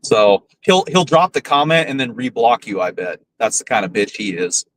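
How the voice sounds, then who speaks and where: A man's voice: medium pitch, sing-song, normal speed, slight background noise, poor audio. A man hosting a podcast, ranting bluntly and profanely with scorn. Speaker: podcast host. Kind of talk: casual ranting commentary.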